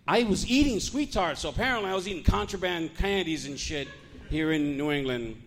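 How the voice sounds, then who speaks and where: Animated man hosting a stand-up show. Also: a little high, brisk, a little hiss or hum. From Puerto Rico. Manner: animated, laughs at his own jokes. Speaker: comedy show host. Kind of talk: stand-up comedy. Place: comedy club stage.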